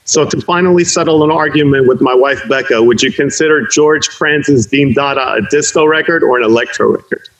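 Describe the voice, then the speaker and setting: A man's voice: a little high, brisk, hardly any pauses, low-quality recording. A man hosting a casual interview, asking questions and adding brief encouraging replies. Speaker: interview host.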